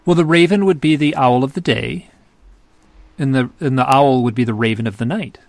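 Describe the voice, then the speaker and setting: Man, gravelly voice, dry close sound, animated rambling storyteller. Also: medium pitch, moderate pace, no room sound. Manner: animated, rambling with many restarts. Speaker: podcast guest, author. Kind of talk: conversational storytelling.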